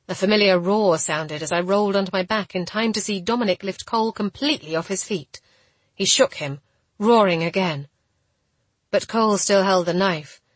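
A woman reading a first-person novel aloud in a steady, measured narrating style. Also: medium pitch, no echo. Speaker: audiobook narrator.

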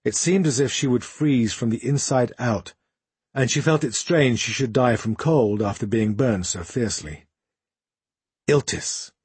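Husky male audiobook narrator. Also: medium pitch, no echo. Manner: steady, even storytelling. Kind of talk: scripted narration.

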